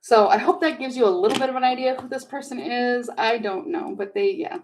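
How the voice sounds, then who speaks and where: A woman's voice: on the high side, a little fast, low-quality recording. A woman giving a chatty live tarot reading, giggling and flustered as she talks. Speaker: tarot reader.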